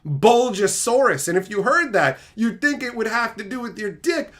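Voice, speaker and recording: A man's voice: high-pitched, animated, normal speed, a bit bright. A man live-streaming, chatting casually with viewers in joking, profane banter and reading their messages aloud. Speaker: streamer opening card packs.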